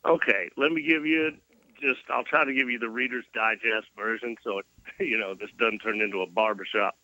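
Bright-voiced man with a Tennessee accent. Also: fairly low pitch, steady tone, moderate pace, no room sound, low-quality recording. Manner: laid-back, laughs easily. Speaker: musician guest. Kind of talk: casual interview chat.

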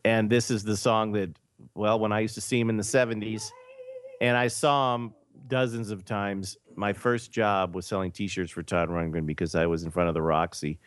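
Middle-aged guy hosting a podcast, lowish voice, spins a long story and acts out everyone's lines, dry close mic. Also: moderate pace, clear, resonant tone, no room sound. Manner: animated anecdote teller, acts out quoted dialogue. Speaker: podcast host. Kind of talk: casual storytelling chat.

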